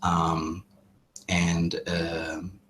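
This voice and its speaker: A man narrating a tabletop game as game master, hesitant and halting. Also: deep voice, monotone, a bit bright. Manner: hesitant, many fillers and restarts.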